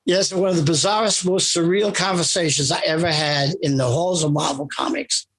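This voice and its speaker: Older man, husky voice, fairly high pitch, interview guest, animated rambling anecdotes. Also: brisk. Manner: animated, rambling, with frequent restarts. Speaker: interview guest, comic writer. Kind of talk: anecdotal storytelling in conversation.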